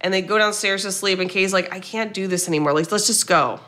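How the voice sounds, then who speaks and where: A woman co-hosting a podcast, retelling a film's plot in a casual, animated way, quoting the characters and swearing now and then. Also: medium pitch, quick pace. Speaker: podcast co-host. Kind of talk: casual movie recap chat.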